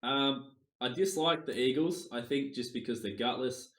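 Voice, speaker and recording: A man's voice: mid-range voice, moderate pace, fairly bright tone. A young Australian man ranting bluntly and profanely in a casual opinion podcast, with lots of ums. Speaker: podcast host. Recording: roomy echo.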